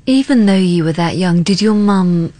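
A woman interviewer with a lowish voice asks short, gentle questions. The sound is dry and close, with no room echo. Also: lively intonation, normal speed.

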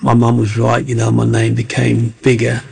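A man's voice: mid-range voice, completely flat delivery, moderate pace, gravelly, noisy background. A man telling his life story as an interview guest, acting out the voices of people in it. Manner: acts out voices in his anecdotes. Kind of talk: animated storytelling.

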